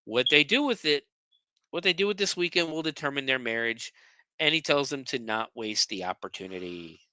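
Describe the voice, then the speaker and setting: A man's voice: medium pitch, lively intonation, normal speed, bright, forceful tone, dry recording. A man hosting a podcast, recapping a movie scene by scene in a casual, profane, sarcastic way, often stumbling over his words.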